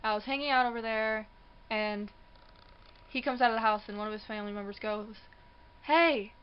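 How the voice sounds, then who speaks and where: A young woman tells a personal story to her camera in a casual, lively way, putting on voices for the people she quotes and laughing often. Her voice sits a little high. The recording sounds dull and lo-fi. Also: normal speed, smooth. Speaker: vlogger. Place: indoors near a passing train.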